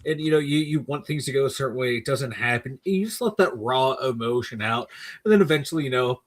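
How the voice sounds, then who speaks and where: A man's voice: medium pitch, a little fast. A man with a Pittsburgh accent co-hosting a casual sports stream, candid and profane as he talks about sports. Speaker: podcast co-host. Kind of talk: casual live-stream chat.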